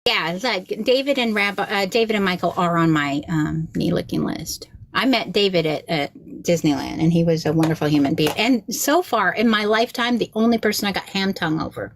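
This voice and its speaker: A woman chatting casually on a podcast, an animated storyteller who acts out the voices she quotes and swears freely. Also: lowish voice, a little fast. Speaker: rabbi and podcast guest.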